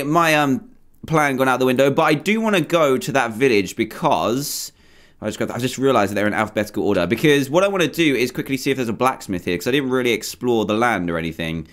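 A young man hosting a gaming video, chatting casually over gameplay, excitable and rambling, with frequent ums and self-corrections. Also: medium pitch, smooth.

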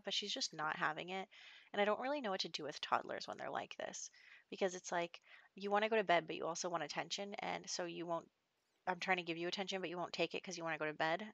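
A woman's voice: fairly low pitch, vocal fry, a bit bright, no echo. Chatty woman narrating a life-sim game. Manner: chatty, rambling, laughs often. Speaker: let's play host. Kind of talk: casual gameplay commentary. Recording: dull, dry home mic.

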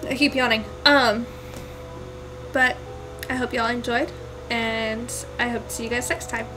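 A woman hosting a let's play, chatting through the game and breaking into excited squeals and exclamations. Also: fairly high pitch, unhurried, music in the background, low-quality recording. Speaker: gaming channel host.

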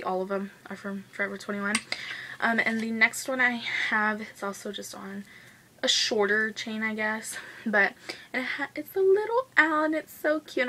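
A young woman talks through her monthly favorites with a bright, crisp tone. She gushes and rushes, leaning on "like" and "guys" in a loose, casual vlog style. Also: on the high side, a little hiss or hum, low-quality recording. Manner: gushing, fast-talking, says "like" and "guys" a lot. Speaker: beauty vlogger.

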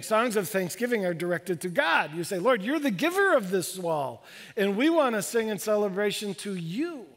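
A man in his fifties, a pastor preaching a sermon with animated, excitable delivery. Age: 50s. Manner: animated, bursts into high excited exclamations. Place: church sanctuary. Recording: long church hall reverb.

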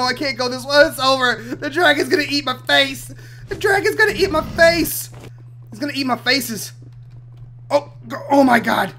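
Commentating his own gameplay, this young gaming-channel host sounds very high-pitched. He bounces between noisy eruptions and soft muttered remarks, all delivered with excitement.

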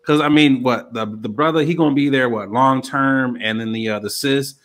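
A man co-hosting a podcast, joking around in loud, profane casual banter. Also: mid-range voice, moderate pace. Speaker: podcast co-host. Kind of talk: casual chat.

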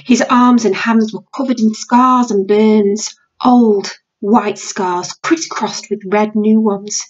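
A woman's voice: medium pitch, fairly even intonation, slow pace, highs cut off. A British woman teacher reading a novel aloud to her class.

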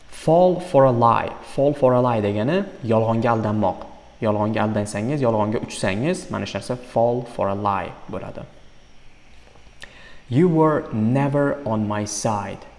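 Gravelly low male teacher. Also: a little mellow. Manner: reads lyric lines slowly, then explains quickly. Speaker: English teacher. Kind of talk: song lyric translation lesson. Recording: long hall reverb.

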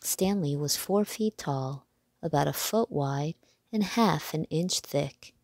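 A woman reading a children's book aloud, deliberate and clear for young listeners. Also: sits low, darkish tone, dry recording, studio quality. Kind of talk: read-aloud storybook narration.

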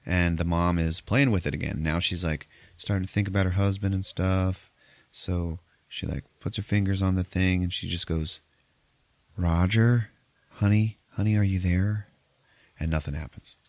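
Man, podcast host, very deep voice, dry close sound, casual profane movie recap. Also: fairly even intonation, normal speed, no echo. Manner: profane, laughing, rambling storyteller.

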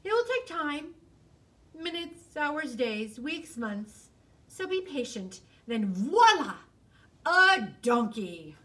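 A woman voicing a sly, fast-talking male fox who sells a swindle with showy salesman patter. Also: high-pitched, lively intonation, far from the mic, voice pushed up. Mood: coaxing.

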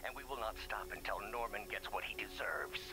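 An actor voicing a vengeful older male scientist villain in a low, breathy, menacing voice. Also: fairly quick, pushed and bright, faint music behind.

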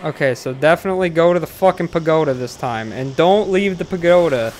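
A man streaming a game live, swearing often and talking to the enemy, swinging from mutters to panicked shouts. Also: fairly high pitch, fairly quick, slight background noise. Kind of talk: live gameplay commentary.

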